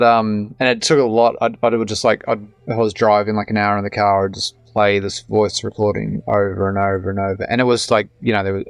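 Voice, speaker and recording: A man's voice: lowish voice, gravelly, dry recording. A man in his thirties with an Australian accent, an actor talking in a casual, rambling podcast interview. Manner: chatty, rambling with many restarts. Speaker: actor guest.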